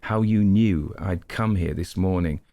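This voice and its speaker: A gruff middle-aged police inspector, as a male narrator voices him, curt and impatient. His voice is gravelly and slightly raised above the narrator's low tone. The recording is close and dry. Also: measured pace, mellow, no room sound. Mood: irritated. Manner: curt, irritated.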